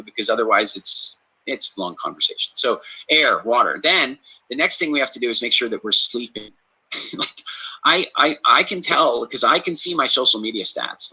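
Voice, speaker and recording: A man giving health advice on a podcast in an energetic, emphatic conversational way, repeating key phrases for stress and acting out little stories. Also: mid-range voice, slightly rough, rough recording. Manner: storytelling, acts out quoted reactions.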